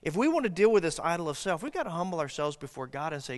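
Male pastor, dynamic earnest sermon delivery, slightly high voice, long hall reverb. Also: big pitch swings, fast talker, hardly any pauses. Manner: earnest, dynamic preaching with restarts and acted quotes.

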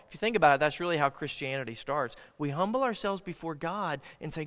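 A man's voice: on the high side, brisk, fairly bright tone, long reverb tail. A man preaching a sermon as pastor, earnest and dynamic, often restarting his words.

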